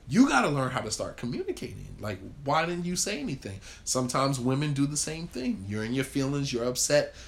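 Man leading a relationship workshop, casual and animated in his quotes, medium pitch. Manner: conversational, acts out quoted lines. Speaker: marriage workshop leader. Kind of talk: group discussion talk.

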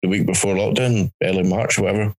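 A man's voice: fairly low pitch, fairly even intonation, fast talker, rough recording. A Scottish man and stand-up comic, chatting casually on a podcast in a rambling, sweary, stop-start way. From Scotland. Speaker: stand-up comedian, podcast co-host. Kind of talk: casual chat.

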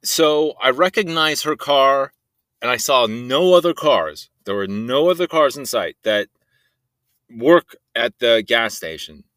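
Animated, rambling young man. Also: mid-range voice, measured pace, no echo. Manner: rambling, profane, often laughing. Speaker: voice-message storyteller. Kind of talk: rambling casual monologue.

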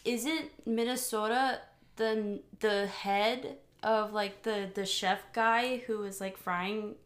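Casting note: woman, mid-pitched, chatty podcast co-host who giggles and rambles. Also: steady tone, slow. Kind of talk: casual chat.

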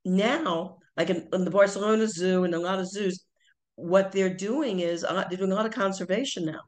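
A woman's voice: mid-range voice, normal speed, a little mellow. An older woman chatting casually with her son, telling long stories full of fillers and restarts. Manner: rambling storyteller, many fillers and restarts. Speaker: podcast co-host, parent of the other speaker. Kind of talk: casual family chat.

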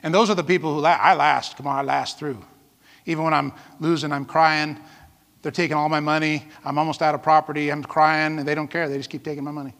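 A male pastor delivers a sermon in a high, bright voice with a gravelly edge. He preaches in a folksy, storytelling way, full of asides. The sound rings out with a long hall reverb. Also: normal speed.

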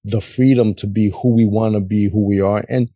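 A man talks politics in loose, profane chat, dropping "man" and "you know" everywhere. His voice sits low and mellow with a husky edge. The sound is dry and close. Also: fairly even intonation, moderate pace, no echo. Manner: blunt, heavy swearing, says "man" often. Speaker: podcast co-host.

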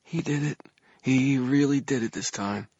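A man's voice: mid-range voice, measured pace, a little mellow, husky, dry recording, dull audio, voice pushed up. A man voicing a nervous young man with a light tenor voice who sounds frantic and panicky.

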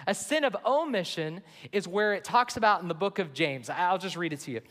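A man's voice: high voice, lively intonation, brisk, sharp tone. A man, a pastor, preaching an earnest sermon to his church and reading scripture aloud. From United States. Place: large church sanctuary. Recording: long hall reverb.

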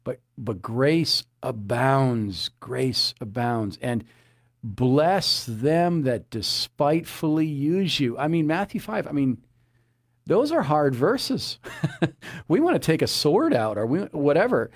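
A man's voice: medium pitch, very animated, slow pace, no room sound, studio quality. A man preaching a sermon as a pastor, earnest, often repeating his phrases and citing scripture.

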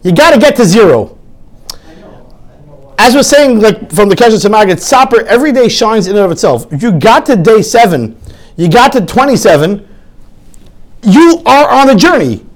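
A man giving an animated sermon full of stories, often restarting his sentences and acting out quotes. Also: high voice, normal speed, pauses often. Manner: lively, frequent restarts, acts out quotes.

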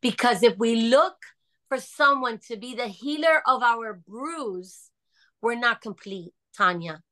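Middle-aged woman guest, bright voice pitched a little high, earnest personal storyteller. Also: expressive, slow pace. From United States. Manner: earnest, emphatic, repeats "right?". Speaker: podcast guest, author.

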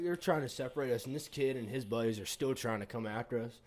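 A man's voice: mid-range voice, lively intonation, fast talker, few pauses, darkish tone. Man, casual storytelling, profane, rambling, laughs a lot, acts out quotes. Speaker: pipeliner telling stories.

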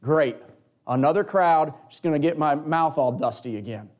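A preacher voicing a desperate blind male beggar who pleads and cries out, his voice raised high. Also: moderate pace, a little mellow, natural voice. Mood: weary, grumbling. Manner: pleading, crying out.

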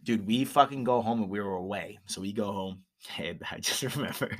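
A man's voice: on the low side, moderate pace. Young man telling stories, swearing freely. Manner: animated storyteller, swears a lot, shouts in impressions. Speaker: podcast co-host. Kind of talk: casual chat.

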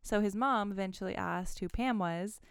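A woman's voice: medium pitch, moderate pace, creaky, clean tone, dry recording, studio quality. A woman co-hosting a casual chat and telling stories, chatty and sprinkling in filler likes. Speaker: podcast co-host telling stories.

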